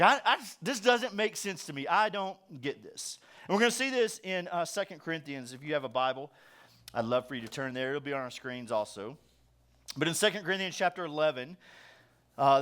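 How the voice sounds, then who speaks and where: A middle-aged man delivers a sermon as pastor, with a voice that sits a little higher than most men's. He talks to the congregation in a loose, conversational way, tossing in jokes and acting out quick bits of dialogue. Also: a bit bright, clean tone. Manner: conversational, joking preaching with acted-out quotes.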